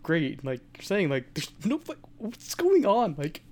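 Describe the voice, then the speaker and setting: A man's voice: sits high, huge pitch swings, a little slow, a little mellow. A man co-hosting a podcast in casual chat, hesitant and full of fillers. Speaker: podcast co-host.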